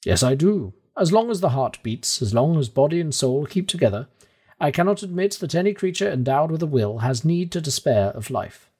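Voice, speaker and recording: A man's voice: fairly high pitch, animated, brisk, warm tone, slightly rough, voice pushed up. A man voicing a stern, determined older male professor in an audiobook reading, with a firm, lecturing manner. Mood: firm, resolute. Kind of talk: audiobook character voice.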